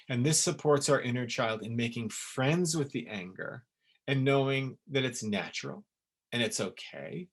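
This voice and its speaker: Earnest man giving a webinar talk. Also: medium pitch. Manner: earnest, emphatic, repeats words for stress. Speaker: essence maker giving a webinar.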